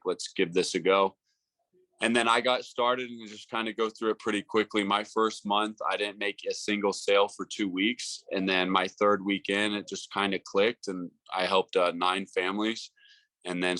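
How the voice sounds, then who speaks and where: A man's voice: low voice, pushed and bright, no room sound. A man in his twenties, a guest telling his story in a chatty way, using "like" often and acting out old conversations. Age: 20s. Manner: chatty, says "like" a lot, acts out past dialogue. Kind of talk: casual storytelling interview.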